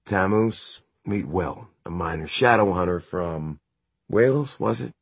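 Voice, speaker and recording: A man's voice: low voice, a little slow, gravelly, slightly rough, no room sound, heavily acted. A man voicing a playful, flamboyant warlock with a light, teasing tone, in an audiobook reading. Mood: cheerful, teasing. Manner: light, teasing, turns commanding.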